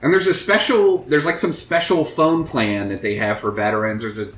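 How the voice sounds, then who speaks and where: A man's voice: medium pitch, fairly even intonation, moderate pace, a bit bright. A man telling a long story in casual chat, rambling and swearing, acting out other people's lines. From Northeast Ohio. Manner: rambling storyteller, profane, acts out quotes. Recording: echoey room.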